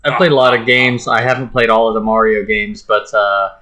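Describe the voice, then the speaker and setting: A man co-hosting a casual movie podcast, measured and a little hesitant, with wry jabs. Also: fairly low pitch, level tone, pushed and bright. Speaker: podcast co-host. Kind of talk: casual chat.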